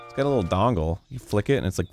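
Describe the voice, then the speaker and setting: A man joking and reacting loudly while watching a video game being played. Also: on the low side, racing, soft background music. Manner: excitable, jokey, prone to loud outbursts. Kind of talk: casual gaming commentary.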